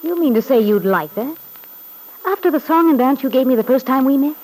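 An actress playing a haughty, spoiled young wife from a rich family, talking back with cutting scorn in 1940s radio drama style. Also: female voice, high-pitched, animated, brisk, darkish tone. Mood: defiant. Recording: scratchy old radio broadcast.

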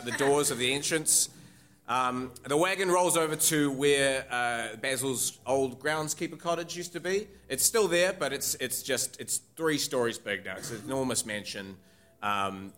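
A man narrating a tabletop role-playing game as game master. His delivery is casual and halting, full of fillers. His voice sits in a middle pitch. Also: fairly bright tone.

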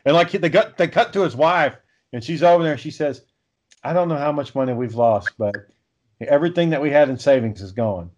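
A man's voice: fairly high pitch, animated, a little fast, slight background noise. A man in his thirties chatting casually and telling rambling, profane stories. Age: 30s. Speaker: podcast co-host. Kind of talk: casual chat. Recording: dull lo-fi audio.

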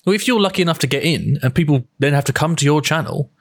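A man's voice: fairly high pitch, lively intonation, fast talker. A man in casual podcast chat who talks bluntly, jokes and swears.

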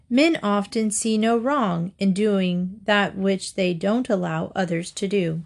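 Slow, measured woman reading fables. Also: mid-range voice, vocal fry. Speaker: storyteller.

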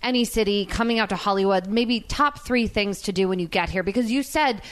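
A woman's voice: medium pitch, fairly quick. A young woman hosting a podcast interview in a bubbly, chatty way with lots of "like". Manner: bubbly, chatty, filler-heavy. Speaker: podcast host.

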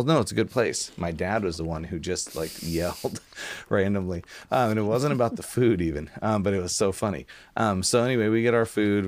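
Deep-voiced man telling stories on a podcast. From Pacific Northwest. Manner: storytelling, animated impressions, laughs often. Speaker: podcast co-host. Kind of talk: casual chat.

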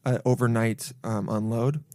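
A man's voice: medium pitch, a little slow, no echo. Laughing man telling stories, dry close mic. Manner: animated storytelling, acts out quotes, laughs often. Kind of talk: casual comedic chat.

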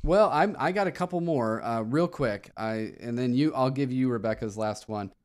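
Mid-pitched male co-host, eager and talkative, sometimes trails into restarts. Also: normal speed. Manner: enthusiastic, rambling with restarts, reads quotes aloud. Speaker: podcast co-host. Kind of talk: casual podcast chat.

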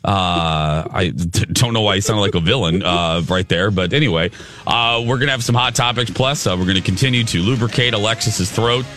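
A man's voice: on the low side, fairly quick, fairly bright tone, no room sound. A man hosting a radio show, chatting casually and leading the segments and breaks. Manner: upbeat, chatty, runs the segment. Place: radio studio. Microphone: studio microphone.

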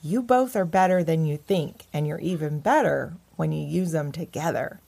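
Woman doing a booming storybook dance teacher, female, encouraging, low, gravelly. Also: moderate pace, dark tone.

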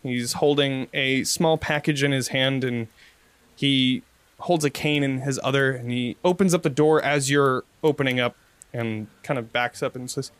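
A man narrating as game master in a tabletop game, in a relaxed, meandering way. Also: medium pitch, normal speed, clear, resonant tone, dry recording.

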